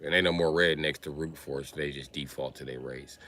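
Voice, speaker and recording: A man's voice: extremely low pitch, steady tone, brisk, sharp tone. A man ranting casually on a livestream, with profane, slangy, streetwise storytelling.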